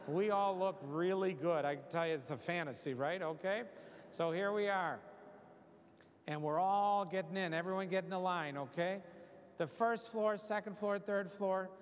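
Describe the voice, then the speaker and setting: A man giving a parish retreat talk, leading his listeners through an imagined scene with lively storytelling. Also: sits high, long reverb tail. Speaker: retreat speaker. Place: church.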